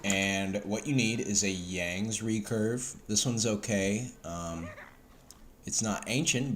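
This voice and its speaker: Casual male game commentator with a Southern US accent, lowish voice, relaxed and profane, home desk mic. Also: slow, slight background noise. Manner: loose, profane, filler-heavy. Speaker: gameplay video host.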